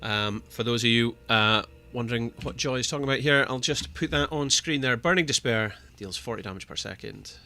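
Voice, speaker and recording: A young man casting a live esports match, chatty and excitable, laughing often. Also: mid-range voice, fairly quick, hardly any pauses. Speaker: esports caster.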